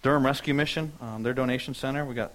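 Fast-talking male pastor preaching. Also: mid-range voice, steady tone, low-quality recording. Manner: conversational storytelling preaching, acting out his own past words. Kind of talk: sermon.

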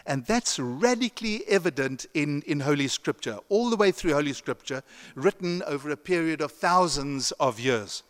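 Chatty preacher in a reverberant church. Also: male voice, on the high side, lively intonation, moderate pace, a bit bright. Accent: non-American English. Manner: conversational, chuckling asides, frequent restarts. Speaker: pastor. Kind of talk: sermon. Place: church sanctuary.

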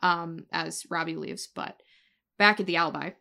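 A woman's voice: deep voice, steady tone, normal speed, gravelly, bright, forceful tone. A woman co-hosting a casual podcast, retelling TV scenes and swearing freely as she acts out lines. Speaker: podcast co-host. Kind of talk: casual TV recap chat.

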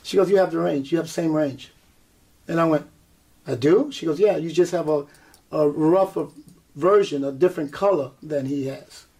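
Man, gravelly voice, fairly high pitch, animated storyteller, interview guest. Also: moderate pace. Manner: animated storyteller, acts out quotes, laughs often. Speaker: guest singer and performer.

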